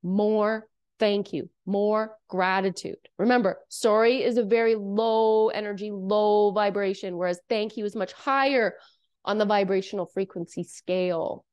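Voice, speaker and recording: A woman's voice: medium pitch, steady tone, measured pace, darkish tone, smooth. A woman from Canada talking to camera about everyday habits in an earnest, coaching way, often checking in with "okay?" and "right?". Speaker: self-help speaker. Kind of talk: casual monologue to camera.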